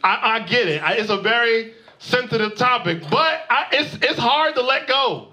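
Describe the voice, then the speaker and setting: A high-voiced man performs a stand-up comedy set on a comedy club stage before a live audience, animated and at normal speed. His delivery is punchy, with loud punchlines and crowd work, and the live club recording picks up crowd noise.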